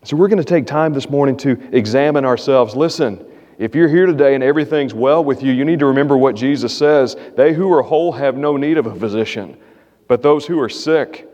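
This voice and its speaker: A man's voice: fairly quick, dark tone. A man preaching a sermon as pastor, earnest, lifting his voice when he reads scripture aloud. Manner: earnest preaching, rises in pitch reading scripture. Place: church sanctuary. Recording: echoey hall, muffled sound.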